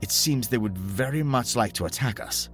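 A man playing a tough old career officer, grave and measured, in a storybook horror reading. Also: mid-range voice, animated, fairly bright tone, soft background music, voice pushed up, close to an everyday voice. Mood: grim.

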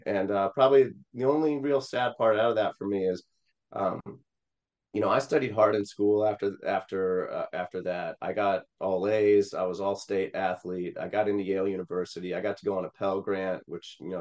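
A man's voice: low-pitched, steady tone, brisk, darkish tone, lo-fi sound. A man from Missouri, a political candidate, telling a personal story in an interview in an earnest, rambling way. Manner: earnest, many fillers and restarts.

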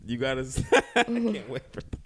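A man's voice: high voice, big pitch swings, normal speed. A young man co-hosting a podcast, chatting casually and teasing his partner playfully. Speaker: podcast co-host. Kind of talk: casual chat.

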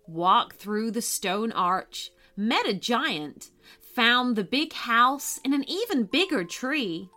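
A woman reading a children's story aloud as narrator, telling it with lively expression. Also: on the high side.

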